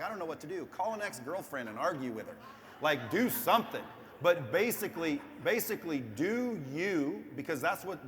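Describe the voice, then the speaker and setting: A man's voice: a little high, fairly bright tone. A man as an interview guest giving casual business advice, blunt and profane, speaking straight to viewers. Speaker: guest entrepreneur. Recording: echoey room with faint background noise.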